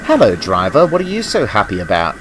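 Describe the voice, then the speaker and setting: A man's voice: on the low side, wildly swooping pitch, brisk, long reverb tail, background noise. A man doing an anxious little tank engine. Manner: worried, eager. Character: earnest anxious young male tank engine.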